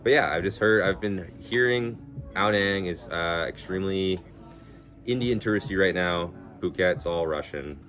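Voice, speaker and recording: A man's voice: low-pitched, moderate pace, fairly bright tone. A man live-streaming, chatting casually with viewers in a rambling, laid-back way, swearing freely and laughing through his stories. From Canada. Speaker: livestreamer.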